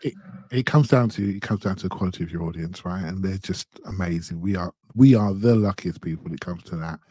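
Low mellow-voiced man telling a story. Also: a little fast, no room sound. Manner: storytelling, earnest. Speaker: podcast co-host. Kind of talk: casual podcast chat.

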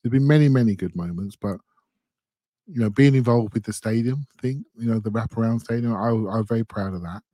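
A man's voice: mid-range voice, brisk, dark tone, no echo. A man co-hosting a podcast, telling a story in an earnest, chatty way. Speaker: podcast co-host. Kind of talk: casual podcast chat.

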